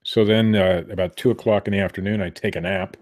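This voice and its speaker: Fast-talking and a little mellow, a middle-aged podcast co-host with a deep, steady voice chats casually from a home room. He rambles and frequently cuts himself off partway through a sentence.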